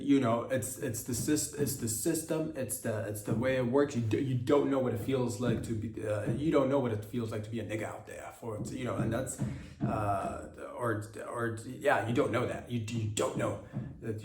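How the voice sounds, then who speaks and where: A man hosting a comedy podcast, delivering a meandering satirical monologue full of halting restarts and mock-serious asides. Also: medium pitch, a little mellow. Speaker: podcast host. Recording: roomy echo, mic at a distance.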